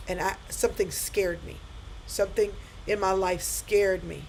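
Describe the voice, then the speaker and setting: A woman's voice: medium pitch, fairly even intonation, normal speed, vocal fry, a little mellow, a little hiss or hum, low-quality recording. A middle-aged woman giving a live-stream pep talk to viewers, repeating her points with emphasis and speaking straight to them.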